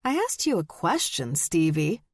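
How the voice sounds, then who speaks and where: A woman's voice: on the low side, big pitch swings, measured pace, no room sound, studio quality. Woman voicing an angry, demanding sister. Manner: insistent and sharp.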